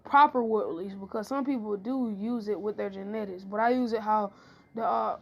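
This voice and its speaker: Woman voicing a calm, slightly smug male ninja teacher. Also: mid-range voice, brisk, gravelly, lo-fi sound. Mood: calm explaining.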